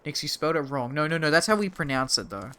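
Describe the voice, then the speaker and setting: A man's voice: a little high, expressive, fast talker, pushed and bright, clean tone. A young Australian man streaming a game, chatting casually and self-mockingly with his chat. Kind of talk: casual gaming commentary.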